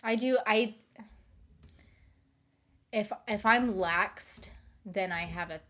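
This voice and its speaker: A woman with a light Southern accent talks casually to her viewers. Her speech rambles and she keeps correcting herself mid-sentence. Her pitch sits in an ordinary middle range. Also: slow pace, a bit bright. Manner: rambling, chatty, self-correcting with restarts. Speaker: YouTube host. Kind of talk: casual chat.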